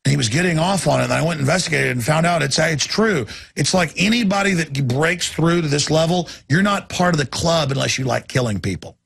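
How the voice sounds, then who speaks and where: A man's voice: fairly high pitch, fairly quick, hardly any pauses, fairly bright tone. A middle-aged man hosting a talk show, ranting intensely and acting out voices as he goes. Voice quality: gravelly. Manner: intense, acts out voices mid-rant. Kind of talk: impassioned talk-radio rant.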